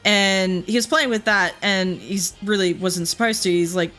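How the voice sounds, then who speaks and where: An Australian woman streaming a game, chatting casually and rambling through a story with frequent laughs and quick asides. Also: mid-range voice, a bit bright, faint music behind. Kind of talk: casual chat while playing.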